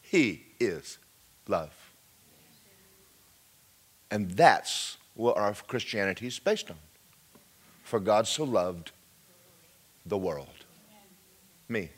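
A man preaching a testimony sermon, jumping from high loud cries to hushed whispers. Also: lively intonation, drawn-out words, long pauses, husky.

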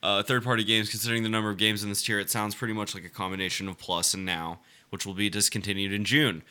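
Bright-voiced man co-hosting a podcast. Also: on the low side, little pitch movement, fast, clean tone. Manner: swearing, laughing, jokey. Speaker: podcast co-host. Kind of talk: casual chat, reading news aloud.

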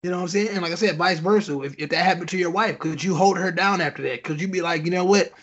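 A man's voice: sits high, fast talker, fairly bright tone, muffled recording. A man hosting a casual podcast chat, loosely posing questions to his co-host with lots of fillers.

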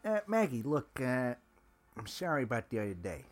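A man's voice: mid-range voice, big pitch swings, moderate pace, faint music behind. A man voicing an earnest hotel worker who talks hesitantly and stumbles over his words.

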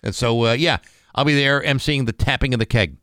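Man, morning radio co-host, smooth clear voice, dry studio sound, halting banter. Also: mid-range voice, fairly bright tone, no echo. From New England. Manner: halting, full of ums and restarts.

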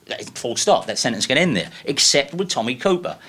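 A man in his sixties, a guest telling casual anecdotes in an animated way and laughing through his stories. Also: medium pitch, a little fast, husky.

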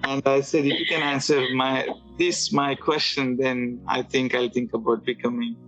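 A man casually telling a personal story, halting and restarting often, with filler words. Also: mid-range voice, flat delivery, fairly bright tone, highs cut off, faint music behind. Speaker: guest telling his conversion story.

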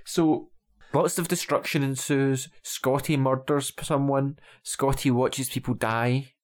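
A man's voice: mid-range voice, fairly even intonation, a little slow. A man in a casual film-critique chat, exasperated and sarcastic, who swears casually and keeps asking "okay?" and "right?". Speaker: podcast co-host.

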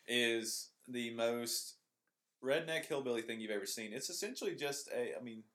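Man, podcast co-host, bright forceful voice, jokey asides. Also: medium pitch, expressive. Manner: joking, quick asides. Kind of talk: casual chat.

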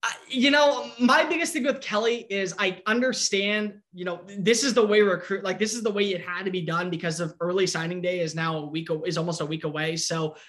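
Animated man breaking down sports. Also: high-pitched. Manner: fast, animated, opinionated. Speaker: sports analyst. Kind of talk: casual sports talk.

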